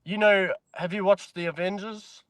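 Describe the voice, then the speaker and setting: A man's voice: high-pitched, steady tone, moderate pace, dry recording. A man from New Zealand with a New Zealand accent, chatting casually as a podcast guest, laid-back and swearing freely. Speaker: podcast guest, mine worker. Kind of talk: casual chat.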